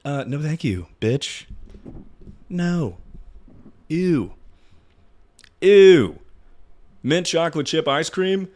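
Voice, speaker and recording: A man's voice: fairly high pitch, animated, very slow, long pauses, a little mellow. A man in his twenties streaming, ranting casually and profanely as he ranks things. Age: 20s. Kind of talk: casual livestream commentary.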